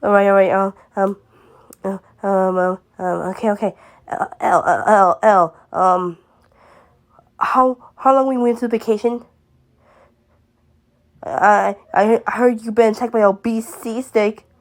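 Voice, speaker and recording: A woman telling an improvised homemade story, halting and stammering with many fillers and restarts. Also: mid-range voice, fairly even intonation.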